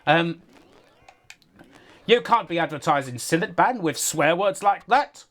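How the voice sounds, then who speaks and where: A woman putting on the voice of a loud, pushy male TV advert pitchman, shouting in a drawn-out ad-man style. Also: animated. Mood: blustering.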